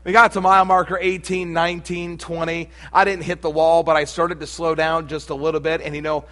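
Man, pastor, middle-aged, sermon, humorous storyteller, folksy, slightly high voice. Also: flat delivery, a little fast, a bit bright.

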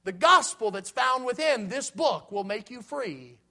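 A man preaching an evening sermon, earnest and repetitive, slowing right down when he quotes scripture. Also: extremely high pitch, animated, sharp tone.

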